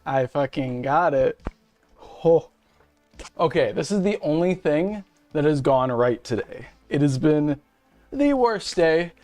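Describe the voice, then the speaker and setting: A young streamer who calls himself a femboy rants casually and profanely to viewers from a home setup with a webcam and desk mic, rambling and venting as host of his channel. His mid-range, mellow voice moves slowly with big pitch swings over soft background music.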